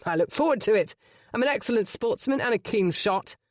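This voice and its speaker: A narrator voicing a smug, condescending older gentleman villain in an audiobook. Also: sits high, lively intonation, fairly quick, dry recording, clean studio sound, pitched above the performer's own voice. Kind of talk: audiobook character voice.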